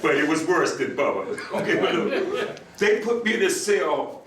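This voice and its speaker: Older male speaker, lively storyteller who acts out voices, recorded from afar in a roomy hall. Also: fairly high pitch, normal speed, far from the mic, a little hiss or hum. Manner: animated storyteller, acts out voices, laughs with the crowd. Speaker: retired U.S. marshal, speaker. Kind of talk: storytelling speech to an audience.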